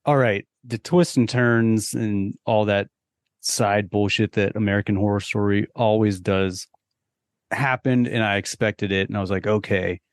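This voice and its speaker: A man's voice: fairly low pitch, fairly even intonation, unhurried, no echo, studio quality. A man co-hosting a podcast in casual chat, giving laid-back, exasperated, profane commentary. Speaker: podcast co-host.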